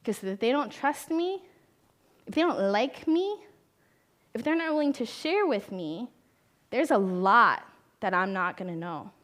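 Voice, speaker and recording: A young woman therapist speaking to a room of parents in a chatty, conversational way, her voice sitting a little high. She often asks the audience questions and briefly slips into the voices of the people she quotes. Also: animated, unhurried, long pauses, fairly bright tone. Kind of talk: talk at a conference.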